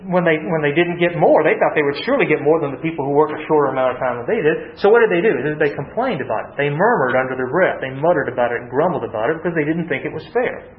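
A man preaching a sermon, stumbling and repeating words as he talks, and slowing down to read scripture. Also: fairly high pitch, animated. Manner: halting, repeats words, reads scripture slowly. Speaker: pastor. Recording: roomy, dull lo-fi sound.

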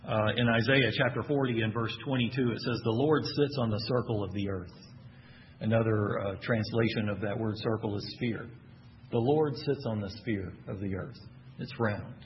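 A man with a Texan accent and a lowish voice preaches at a moderate pace, keeping the congregation engaged with questions he answers in emphatic, animated bursts. The audio sounds dull, with slight background noise.

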